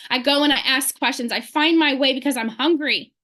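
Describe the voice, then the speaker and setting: Heard through a video-call microphone, this sales leader speaks in a high, pushed, bright voice. She urges her team on with intense motivation and a barrage of questions.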